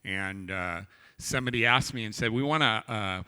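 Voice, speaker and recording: Man, host, enthusiastic, lowish pitch, bright and clear. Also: normal speed. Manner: enthusiastic, full of praise. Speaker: host, golf club manager. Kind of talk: on-stage conversation.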